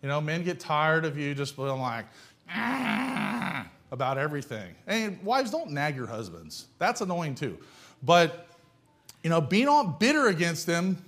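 A man's voice: on the high side, sing-song, normal speed, fairly bright tone. A man preaching a sermon in a blunt, folksy way, firing off rhetorical questions. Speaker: pastor.

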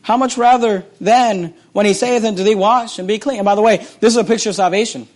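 A man preaching a sermon, reading scripture aloud and retelling it with animated, repeated phrases that swing between loud and hushed. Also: high-pitched, a little fast.

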